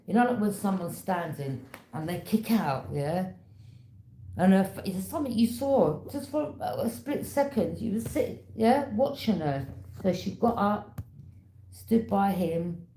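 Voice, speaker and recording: A woman's voice: mid-range voice, lively intonation, a little slow, mellow, slight background noise. A woman giving a tarot reading in a casual, conversational storytelling manner, knowing and direct. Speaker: tarot reader. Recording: echoey room.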